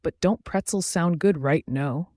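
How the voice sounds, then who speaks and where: A man voicing a young she-wolf woman, anxious and tender, speaking softly and pleadingly. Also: on the high side, unhurried, no echo, clean studio sound, pitched above the performer's own voice, natural voice. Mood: playful.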